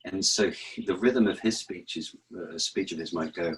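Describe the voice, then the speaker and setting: Guest, male actor, very low voice, lively storyteller who taps out rhythms. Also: moderate pace, low-quality recording. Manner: animated storyteller, chants rhythms aloud. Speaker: actor and author, interview guest. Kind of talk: relaxed explanatory interview talk.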